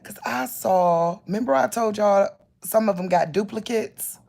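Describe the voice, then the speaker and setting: Lying down late at night, a woman vlogs to her viewers on a phone in an unhurried, gravelly, darkish mid-range voice. She rambles in disbelief, repeating herself and restarting often.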